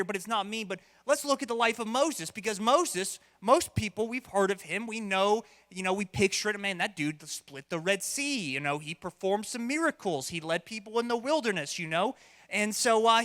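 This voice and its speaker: A man's voice: high-pitched, pushed and bright, long reverb tail. A man preaching a sermon as pastor, conversational and playful, now and then acting out voices. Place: church hall.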